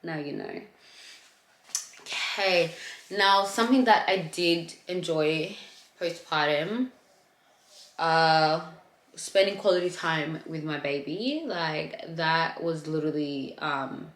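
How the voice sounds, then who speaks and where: A woman's voice: deep voice, slow pace. A young woman vlogging about her postpartum experience in a candid, chatty way, talking straight to her viewers. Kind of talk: casual chat to camera. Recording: echoey room.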